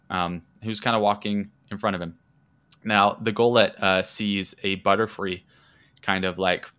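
A man's voice: sits low, sharp tone. A man narrating as game master, hesitant and full of filler words. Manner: hesitant, full of ums and likes.

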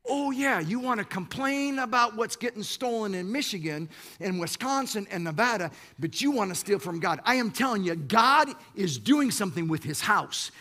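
High, bright-voiced pastor preaching with fire. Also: male voice, moderate pace. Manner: lively, repeats words when fired up, mock-quotes the congregation. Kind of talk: sermon.

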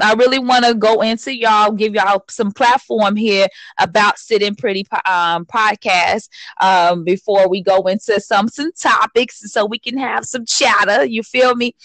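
A woman's voice: on the high side, fairly even intonation, unhurried, fairly bright tone, no room sound. Chatty woman podcast host, dry sound. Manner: loose, upbeat, lots of ums and repeats. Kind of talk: casual chat.

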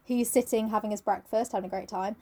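Chatty woman, mellow voice. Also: mid-range voice, fairly even intonation, fast, slight background noise. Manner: chatty, rambling, many fillers. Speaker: podcast co-host. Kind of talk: casual book discussion.

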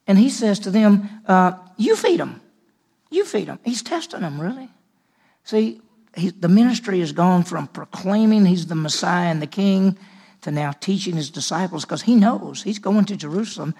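A man, a senior pastor, preaching a conversational sermon, repeating words as he goes and swinging between emphatic and hushed. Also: sits high, normal speed, slightly rough.

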